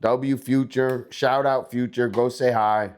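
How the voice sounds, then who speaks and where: A man's voice: mid-range voice, fairly even intonation, slow, a little mellow, clear, resonant tone. A young American man hosting a casual livestream, laid-back and rambling, breaking into hyped, sing-song bits. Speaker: livestream host.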